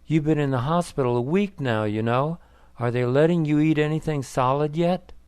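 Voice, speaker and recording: A man's voice: on the high side, normal speed, darkish tone, clean tone, no room sound, clean studio sound, lightly acted. A man reading the lines of a worried grown son who asks urgent, pleading questions. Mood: concerned.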